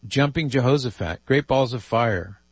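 A man's voice: mid-range voice, moderate pace, husky, dry recording. A man hosting a call-in radio show, reading listener emails aloud with amused asides. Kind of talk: casual call-in radio talk.

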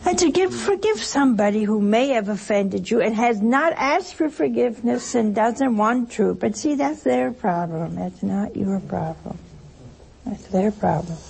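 Slow gravelly woman giving a spiritual talk. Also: fairly high pitch, expressive, darkish tone, a little hiss or hum, poor audio. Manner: chatty, anecdotal, chuckling asides. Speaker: religious speaker. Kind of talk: televised spiritual talk to listeners.

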